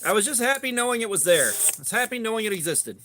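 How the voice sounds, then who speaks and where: Upbeat high-voiced Southern man in his forties. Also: sing-song, fast talker. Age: 40s. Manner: upbeat, swearing, greets viewers by name. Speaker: livestream host. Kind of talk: casual livestream chat. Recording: faint background noise and clicks.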